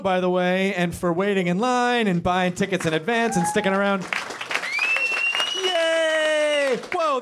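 Excitable high-voiced male show host. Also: heavy background noise. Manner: rambling, excitable, with bursts of yelling. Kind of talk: stand-up hosting. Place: comedy club stage.

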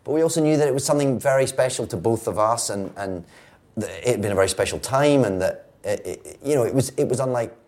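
A Scottish actor, a guest on a podcast, talking casually with wry, playful humor. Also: male voice, medium pitch, lively intonation, quick pace, darkish tone. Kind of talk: casual interview chat.

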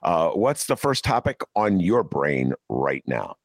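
A man hosts a loose comedic podcast chat, laughing easily and stalling on uhs. His voice is very low and gravelly, swinging widely in pitch. The sound is close and dry. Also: very animated, slow pace, no room sound. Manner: laughs often, hesitant fillers. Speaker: podcast host.

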